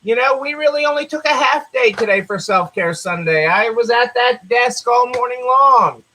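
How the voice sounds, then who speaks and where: A man with a Southern American accent chats casually as host of a live stream. His voice sits very high and sounds bright and forceful. He rambles, circles back to repeat phrases, and fills pauses with uhs. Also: animated, a little hiss or hum, rough recording.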